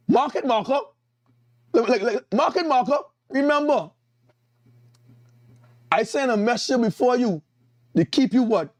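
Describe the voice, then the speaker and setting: A man with a Caribbean English accent and a very high voice preaches a sermon as an evangelist, with no echo on the recording. He's emphatic and repetitive, calling out to his congregation.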